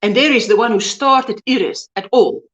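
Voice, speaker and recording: A woman's voice: a little high, lively intonation, moderate pace. A woman hosting a casual live-stream chat, greeting viewers and reading their comments aloud. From South Africa. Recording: dull lo-fi stream audio.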